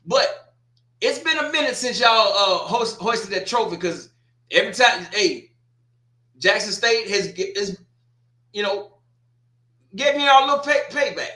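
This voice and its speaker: A man's voice: sits high, animated, unhurried, pauses often, pushed and bright, reverberant. A man hosting a casual sports talk stream, teasing and trash-talking a team and repeating his points. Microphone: streaming setup.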